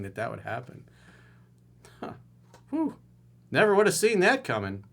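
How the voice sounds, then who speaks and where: A man's voice: fairly high pitch, wildly swooping pitch, a little slow, creaky, pauses often, a bit bright, a little hiss or hum. A middle-aged man coaching on relationships, reading out a viewer's email and answering it with blunt, mocking sarcasm. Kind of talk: solo video commentary reading a viewer email.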